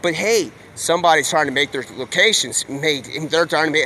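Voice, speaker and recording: A live streamer with a high, bright voice delivers a rambling stream-of-consciousness monologue at a moderate pace, full of casual slang and excitable energy as he jumps between topics. He's outdoors, with faint street and vehicle noise behind.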